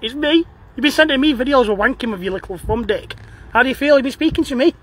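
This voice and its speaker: Furious high-voiced man, swearing hard. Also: fast, fairly bright tone, slightly rough. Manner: aggressive, swearing, taunting. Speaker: confronting a suspect on camera.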